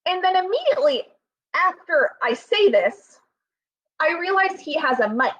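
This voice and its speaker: A woman's voice: extremely high pitch, lively intonation, measured pace, fairly bright tone. A young woman telling a funny personal story in a rambling, self-deprecating way, full of fillers. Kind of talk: comic storytelling. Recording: slightly dull, lo-fi sound.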